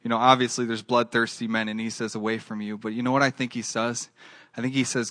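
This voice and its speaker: A man's voice: mid-range voice, little pitch movement, fairly quick, a bit bright, dry recording, clean studio sound. A man preaching a sermon with an earnest, repetitive cadence, then leading a closing prayer. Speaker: pastor.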